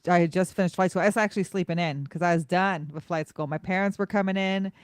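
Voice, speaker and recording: Smooth-voiced woman co-host telling a story. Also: fairly low pitch, fast, dry recording, studio quality. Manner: lively storyteller, acts out quoted voices. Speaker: podcast co-host. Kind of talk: casual interview chat.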